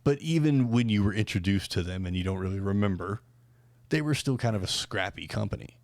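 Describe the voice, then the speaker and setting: A man's voice: lowish voice, expressive, brisk, darkish tone, no echo, studio quality. A man hosting a podcast in casual chat, rambling with lots of fillers and restarts. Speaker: podcast host.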